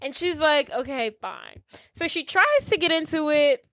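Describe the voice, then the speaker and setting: A young woman with a fairly high voice chats casually on a podcast. She retells a movie scene by scene and voices each character's lines as she goes. The recording is dry and close. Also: moderate pace, no echo. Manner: animated storyteller acting out characters' lines. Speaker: podcast co-host.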